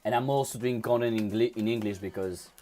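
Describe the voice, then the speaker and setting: A man's voice: fairly low pitch, brisk, warm tone, soft background music. A man with a French accent, a native French speaker, chatting casually with viewers on a trading live stream, often restarting and repeating words. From France. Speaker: crypto trading livestreamer.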